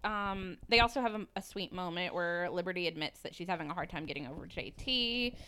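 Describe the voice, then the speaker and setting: A woman's voice: lowish voice, a little fast, pushed and bright, slight background noise. A woman from the American South co-hosting a podcast, chatting casually and laughing often. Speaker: podcast co-host. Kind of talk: casual chat. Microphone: desk microphone.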